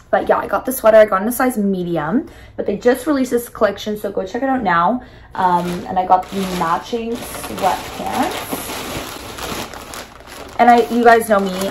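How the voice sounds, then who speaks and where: Raspy-voiced young woman, chatty and bubbly. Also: medium pitch, noisy background. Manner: bubbly, chatty, apologetic, with filler words. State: hoarse from yelling and singing. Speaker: vlogger. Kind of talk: casual vlog chat. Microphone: phone camera.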